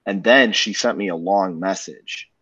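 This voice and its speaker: A man's voice: sits low, measured pace, sharp tone. A young man co-hosting a casual podcast, telling a dating story with swearing and acted-out dialogue. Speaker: podcast co-host. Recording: dull lo-fi podcast audio.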